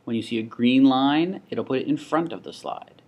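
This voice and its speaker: A man with a young child, teaching a software tutorial in a casual, think-aloud way, with restarts and asides. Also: medium pitch, normal speed. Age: adult with a child. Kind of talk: screen-recorded tutorial.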